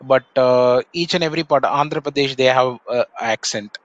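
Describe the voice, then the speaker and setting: Here a mid-range male voice comes through on lo-fi audio. He's a thoughtful man from Tamil Nadu, India, with a Tamil accent, chatting casually in a measured way full of pauses and "uh" fillers.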